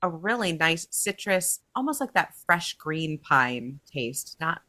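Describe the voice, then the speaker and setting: A woman's voice: deep voice, sing-song, slow, pushed and bright. A woman from upstate New York with an upstate New York accent, co-hosting a casual podcast and reading listener mail with frequent giggles. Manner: giggly, reads listener emails aloud. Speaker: podcast co-host.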